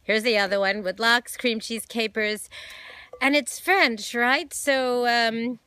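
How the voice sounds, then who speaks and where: A woman talks through a film review in a rambling, gushing way, full of ums and quick self-corrections. Her voice is bright and on the high side. It sounds dry and close, with no room around it. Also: fairly even intonation, smooth, no room sound. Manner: chatty, rambling, with frequent fillers and self-corrections; gushing and enthusiastic. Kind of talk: casual film review vlog. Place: home, holding a dog.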